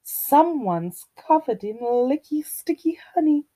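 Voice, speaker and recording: A woman voicing a fussy mother bear in a children's storybook, tutting and rumbling. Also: lively intonation, slow pace, dark tone, rough recording. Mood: fussing.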